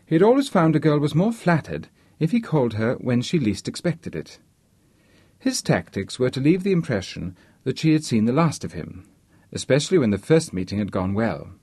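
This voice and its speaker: A man reading a novel aloud as audiobook narration, in an expressive storytelling manner. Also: mid-range voice, normal speed, slightly rough, no echo.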